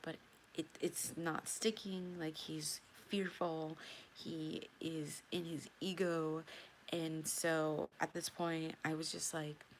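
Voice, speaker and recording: Low gravelly lady vlogging her story, rambly and emotional, bit of background hiss. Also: little pitch movement, slow. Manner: emotional, rambling, repeats herself. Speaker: tarot vlogger. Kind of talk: personal storytime vlog.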